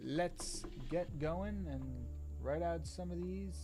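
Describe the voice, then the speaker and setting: A man's voice: a little high, slow. A young man chatting casually on a live stream while he draws, rambling and stopping himself mid-sentence, with faint music behind him. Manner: rambling, self-interrupting, chats to viewers by name. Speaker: streamer drawing with live chat.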